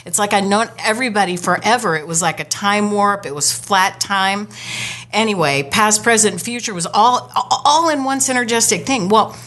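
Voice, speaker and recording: Woman, casual talk, animated, spiritual, mid voice. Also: medium pitch, normal speed. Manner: animated storyteller, acts out quoted voices. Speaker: guest co-host.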